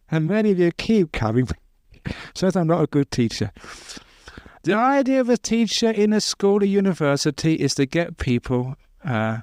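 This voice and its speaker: A man, a Buddhist monk, giving an informal dharma talk, telling stories with gentle humor and chuckling at his own jokes. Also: a little high, dry recording, studio quality. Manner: conversational storytelling, with restarts. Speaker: Buddhist monk teaching meditation.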